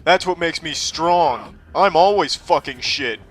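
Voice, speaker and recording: A man in his thirties giving deadpan, profanity-laced commentary while playing a game. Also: fairly high pitch, a little slow. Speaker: streamer. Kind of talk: gameplay commentary.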